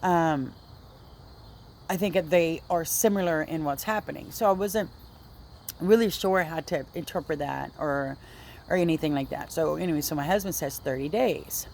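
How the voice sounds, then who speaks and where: A woman's voice: sits low, moderate pace, vocal fry, a little mellow, a little hiss or hum. A woman earnestly telling a personal religious story in a casual, rambling vlog, often restarting her sentences. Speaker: vlogger sharing a religious testimony. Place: indoors at home, seated.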